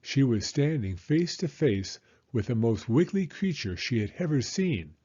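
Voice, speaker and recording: A man reading a children's picture book aloud in an expressive, animated storytelling manner. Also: mid-range voice, unhurried, husky, lo-fi sound. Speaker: storybook reader.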